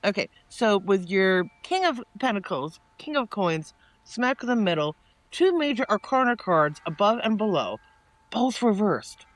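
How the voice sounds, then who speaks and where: A man giving a casual spoken tarot reading. He rambles and often restarts his sentences, and he turns lively when he quotes people. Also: high-pitched, a little slow, dry recording. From northeastern United States. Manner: chatty and meandering, with many restarts and asides; animated when quoting people in mock-casual voices. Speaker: tarot reader.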